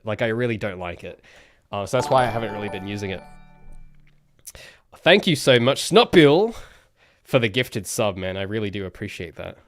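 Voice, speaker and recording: A man's voice: mid-range voice, no echo, studio quality. A young man who streams his game development, chatting casually in a rambling, ranty way that keeps interrupting itself. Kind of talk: casual livestream chat.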